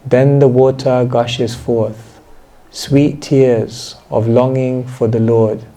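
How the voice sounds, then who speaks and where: Slow, mellow-voiced male spiritual teacher. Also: mid-range voice, little pitch movement. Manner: soft, slow and reflective, reads a passage then comments. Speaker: monk giving a seminar talk. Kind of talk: devotional seminar talk. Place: indoor seminar hall.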